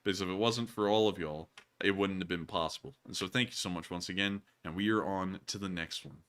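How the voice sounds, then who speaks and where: Bright-voiced man chatting casually. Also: deep voice, a little fast. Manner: rambling, filler-heavy, repeated sign-offs. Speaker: host. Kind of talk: casual live-stream chat answering viewer messages.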